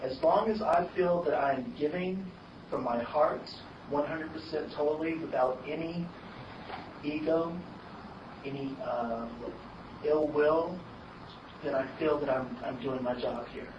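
A man's voice: a little high, measured pace. A man speaking earnestly and a little hesitantly as a participant at a group meeting. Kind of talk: personal statement. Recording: distant, echoey, dull, noisy.

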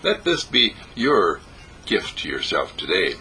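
A man giving a spiritual meditation talk, gentle and repetitive, with sing-song emphasis. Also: sits low, wildly swooping pitch, a little slow, a little hiss or hum, low-quality recording. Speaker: spiritual teacher. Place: monastery breakfast table.

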